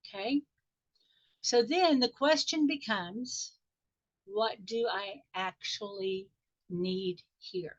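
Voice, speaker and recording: A woman coach leading a live group call, guiding a meditation in a soft, unhurried voice and then teaching in a chatty, animated way. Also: fairly high pitch. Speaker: life coach. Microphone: video call audio. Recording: dull lo-fi video call sound.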